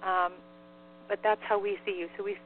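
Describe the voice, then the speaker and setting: Heard through a phone line carrying a faint mains hum, a woman with a mid-range, level voice delivers a spirit's messages at a moderate pace. The call-in talk is casual, with frequent giggles and a steady stream of "like."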